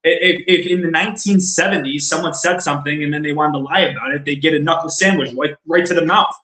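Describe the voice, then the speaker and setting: A man's voice: on the high side, fast talker, sharp tone. A man co-hosting a podcast, talking politics in a blunt, emphatic way and often repeating himself. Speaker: podcast co-host. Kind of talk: casual political discussion. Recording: roomy echo.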